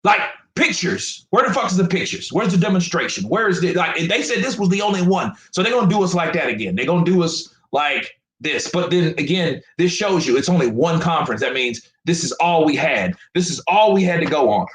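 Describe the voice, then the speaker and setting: A man's voice: on the high side, very animated, brisk, few pauses, a bit bright, reverberant, poor audio. A man giving a live-stream rant about boxing, frustrated and profane, often repeating himself. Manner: emphatic, profane, repetitive.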